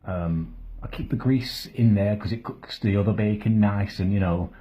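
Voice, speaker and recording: An actor playing a crude, self-pitying middle-aged bloke who talks to camera in a rambling, matter-of-fact deadpan, muttering asides under his breath. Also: fairly low pitch, moderate pace, slight background noise, lightly acted. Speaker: comedy vlogger character. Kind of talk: deadpan comic monologue to camera.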